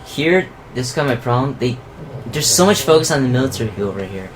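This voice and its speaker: A young man in casual movie commentary chat, relaxed and teasing, firing off quick questions. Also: mid-range voice. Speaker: co-host. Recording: noisy room recording.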